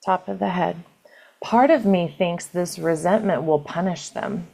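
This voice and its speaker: A woman leading a guided EFT tapping session, calling out tapping points in a slow, gentle, repetitive way. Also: fairly low pitch, creaky.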